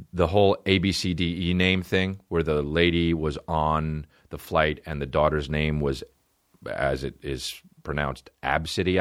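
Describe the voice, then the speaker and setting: A man with a very low voice rants casually on a comedy podcast, cursing freely and wandering from one thought to the next. He mutters some asides and then yelps up high in loud outbursts. The sound is close and dry, with no room around it. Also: no room sound. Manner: profane, rambling, animated with sudden high outbursts. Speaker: podcast host.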